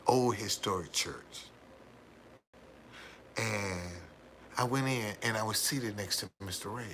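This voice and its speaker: Slight background noise sits under this American man's lowish, somewhat bright voice as he takes his time. He's hosting a livestream, telling viewers a meandering tale full of repeated words and frequent hearty laughs.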